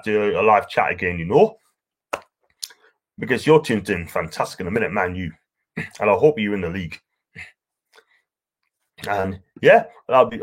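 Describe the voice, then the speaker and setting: A man's voice: fairly low pitch, breathy edge. A man with a broad North East English accent hosting a live stream, chatting casually and reading out viewer comments in a rambling, affectionate way. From North East England. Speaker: livestream host.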